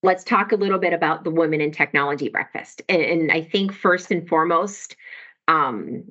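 A woman's voice: deep voice, moderate pace, a bit bright, dull audio. A woman in her forties talking with enthusiasm as a podcast guest, chatty and upbeat. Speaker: podcast guest, tax software professional. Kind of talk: podcast conversation.

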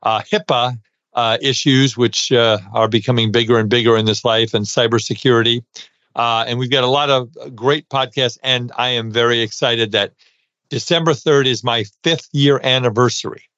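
A man's voice: mid-range voice, fairly even intonation, moderate pace, smooth, dry recording, muffled recording. A middle-aged man with a New York accent hosting a podcast, chatting casually with many fillers. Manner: chatty, many uh fillers, warm thank-yous. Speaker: podcast host, dental CPA.

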